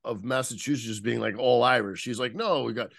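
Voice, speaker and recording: A man's voice: medium pitch, fairly quick, gravelly, a bit bright, no room sound, studio quality. A man as a podcast guest, explaining like an instructor and stopping to search for the right word. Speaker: interview guest, nonverbal communication instructor. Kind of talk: casual podcast interview.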